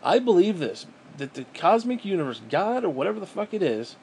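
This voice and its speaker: A man's voice: sits high, big pitch swings, a little fast, gravelly, darkish tone, slight background noise. A man venting in a bitter, profane, rambling monologue to camera as a vlogger, often restarting his sentences.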